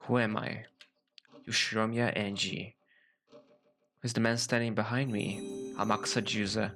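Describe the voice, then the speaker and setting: A man's voice: lowish voice, flat delivery, unhurried. A man reading aloud the inner voice of a frightened young woman trapped in a room. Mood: puzzled. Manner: first-person narration, growing panicked. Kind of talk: reading a visual novel aloud. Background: loud game music.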